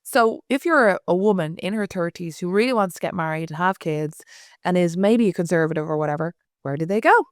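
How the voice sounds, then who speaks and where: A woman's voice: lowish voice, expressive, brisk, no echo, clean studio sound. A woman in her thirties with an Irish accent, co-hosting a podcast in casual, teasing chat. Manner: chatty, teasing, apologetic asides. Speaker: podcast co-host.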